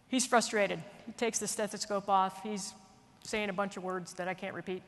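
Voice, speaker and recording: A woman military leader telling a story in an earnest, animated way, speaking at a conference. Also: mid-range voice, fairly quick, hardly any pauses. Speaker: military leader giving a speech. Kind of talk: storytelling speech. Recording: long reverb of a large hall.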